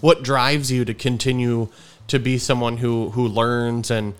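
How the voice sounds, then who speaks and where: A man's voice: mid-range voice, level tone, measured pace, smooth. A man hosting a podcast, chatting casually and easygoing with a guest. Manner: easygoing, lots of fillers and laughs. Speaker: podcast host. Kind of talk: casual interview chat.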